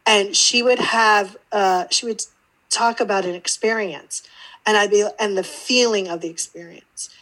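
A woman's voice: mid-range voice, unhurried, poor audio. A woman guest on an interview podcast, telling her story casually and acting out the voices in it. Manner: animated, acts out quoted dialogue. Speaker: podcast guest, intuitive teacher.

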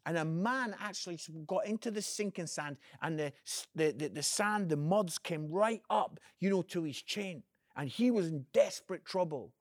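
This man, an evangelist with a high voice, speaks at a moderate pace in an earnest inspirational video, calling the listener "friend." He moves energetically between loud emphasis and quiet, and the clean studio sound has no echo.

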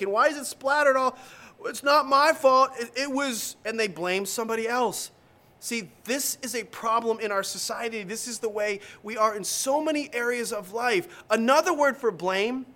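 A man's voice: high-pitched, sharp tone. A middle-aged man preaching a sermon as pastor, emphatic and repeating his key lines, acting out the people he quotes.

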